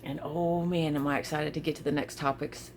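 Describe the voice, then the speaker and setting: A woman vlogging casually to her viewers, expressive, often repeating her phrases and laughing. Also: low voice, a little fast, a little hiss or hum. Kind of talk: casual talk to camera.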